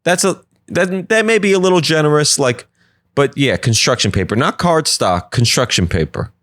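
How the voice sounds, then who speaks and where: A man's voice: a little high, animated, normal speed, a bit bright, dry recording, studio quality. Man rambling through a solo comedy podcast. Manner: rambling, joking asides. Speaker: podcast host. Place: apartment.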